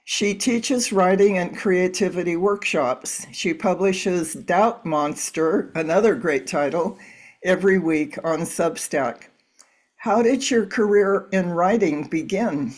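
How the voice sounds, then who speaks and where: A woman's voice: on the low side, slow. A middle-aged woman hosting an interview, reading an introduction and asking prepared questions. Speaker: host.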